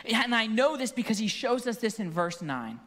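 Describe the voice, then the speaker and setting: Guy preaching in church, lively storyteller, big echoey hall. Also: high-pitched, normal speed. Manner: animated storytelling, acts out quotes. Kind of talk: sermon. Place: church sanctuary. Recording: long hall reverb.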